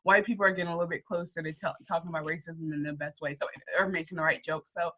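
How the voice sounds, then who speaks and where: A woman co-hosting a casual reaction podcast, an animated storyteller who acts out scenes and swears freely. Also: lowish voice, quick pace. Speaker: podcast co-host.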